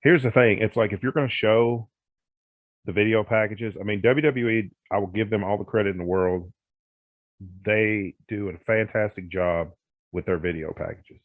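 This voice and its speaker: A man's voice: on the low side, normal speed, dry recording. A man co-hosting a wrestling podcast, giving firm, emphatic opinions in casual chat. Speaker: podcast co-host. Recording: phone-like narrow audio, dry.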